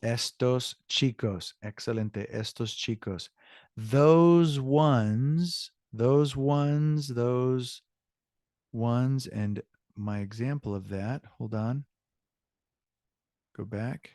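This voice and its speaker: A man teaching an online Spanish lesson in an upbeat, encouraging way, often stopping to correct himself. His voice sits on the low side. The sound is dry and close, with no room around it. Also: fairly even intonation, slow, long pauses, no room sound.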